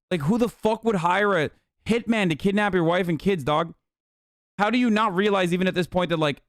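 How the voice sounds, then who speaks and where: Here is a man with a high voice reacting live on stream. He rants in an animated, profane way, and he keeps sounding stunned by what he watches. His voice comes through dry and close to the mic. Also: dry recording. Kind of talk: casual reaction commentary.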